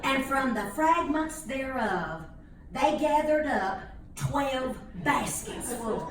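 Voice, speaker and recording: A woman's voice: high-pitched, animated, takes it slowly, slight background noise. An older woman telling a comic tale in a folksy, preacher-like cadence. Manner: dialect-tinged, preacher-like cadence. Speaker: storyteller. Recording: echoey room from a distance.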